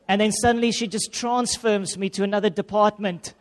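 A man, a pastor, telling a lively, self-mocking personal story in a sermon. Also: sits high, a little fast, hardly any pauses. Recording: long reverb of a hall.

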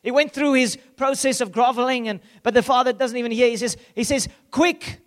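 This is an impassioned sermon from a male pastor with a strikingly high, steady-toned voice, heard in a large hall. He moves from loud, urgent declarations to soft, hushed lines, and briefly voices scripture characters in quick asides.

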